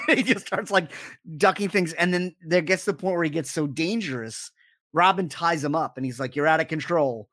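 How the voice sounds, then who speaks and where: A man in casual podcast chat, an animated storyteller who acts out the lines he quotes. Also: on the high side, moderate pace, dry recording, clean studio sound. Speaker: podcast co-host.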